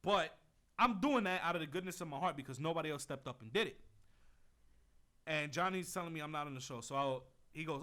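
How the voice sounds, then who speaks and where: Brief: young male co-host, bright and higher-pitched, swaggering, profane storyteller. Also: fairly quick. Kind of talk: casual chat.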